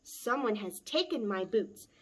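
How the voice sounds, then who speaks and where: A woman voicing a little baby bear with a high, squeaky, whiny voice in a storybook. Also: animated, measured pace.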